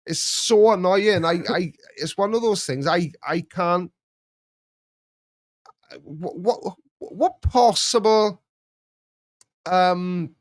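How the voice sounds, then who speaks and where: A man hosting a casual chat, reading viewer comments in a rambling, mocking, animated way. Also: sits high, slow pace, long pauses, dry recording, studio quality. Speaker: host reacting to viewer comments.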